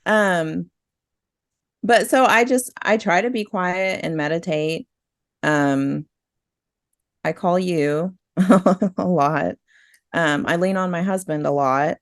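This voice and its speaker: A woman's voice: fairly low pitch, slow, no room sound, studio quality. A middle-aged woman, a store owner, talking in a rambling, emotional way with frequent laughs. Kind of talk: casual conversation.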